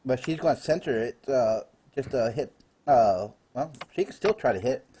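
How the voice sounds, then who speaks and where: A man's voice: medium pitch, expressive, normal speed, warm tone, husky. A man running a live online tabletop game as dungeon master, chatty and explaining rules with fillers.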